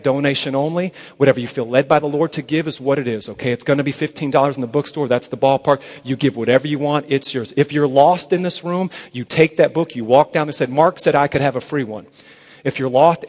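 Man preaching in a reverberant hall. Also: medium pitch. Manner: repeats "okay?" often, tells stories with quoted dialogue. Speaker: evangelist speaker. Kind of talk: evangelistic sermon to a youth crowd. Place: large hall at a youth conference.

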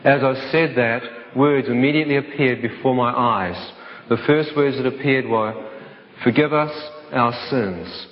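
Earnest man telling a testimony in a hall. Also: mid-range voice. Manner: earnest, slows right down for quoted prayers. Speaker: speaker giving a personal testimony. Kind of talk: storytelling testimony to an audience. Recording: dull sound with long hall reverb.

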